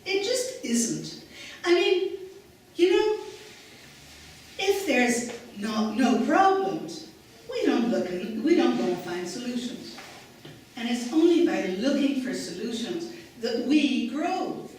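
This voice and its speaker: A spirited ninety-two-year-old aunt, as a woman speaker puts her on, upbeat and wise, with a slight foreign accent. She speaks slowly and emphatically, her voice set fairly high. It rings through a big echoey hall from a mic far away. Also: sing-song, a little mellow, slight background noise.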